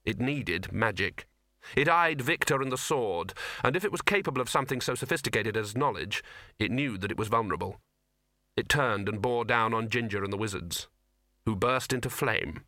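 Bright-voiced man narrating a comic novel. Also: lowish voice, lively intonation, normal speed, no echo. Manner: dry comic storytelling. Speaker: audiobook narrator. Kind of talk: scripted narration.

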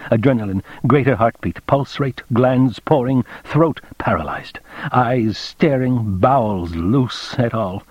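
A man narrating an audiobook in a measured, clipped reading. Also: mid-range voice, no room sound. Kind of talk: scripted narration. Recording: dull dry lo-fi recording.

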